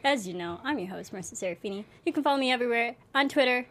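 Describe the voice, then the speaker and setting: A woman hosting a casual entertainment chat show, bubbly and quick to laugh. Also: on the high side, expressive, fairly bright tone. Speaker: host.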